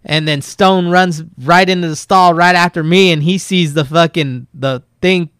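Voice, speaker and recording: A man casually telling profane, laughing stories about a friend in a relaxed chat. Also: on the high side, measured pace, smooth, dry recording, clean studio sound. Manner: laid-back, profane, laughs through his stories.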